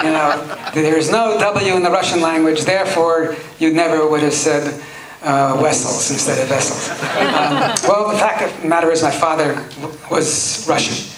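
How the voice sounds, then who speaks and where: A man at a convention panel telling dry, wry anecdotes to a live audience, with halting fillers. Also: fairly high pitch, very noisy. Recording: echoey hall, audience laughter.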